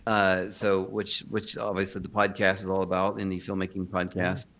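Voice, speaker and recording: A man's voice: sits low, monotone, normal speed, fairly bright tone. A man chatting casually as a guest about filmmaking, easygoing and loose. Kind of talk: casual chat.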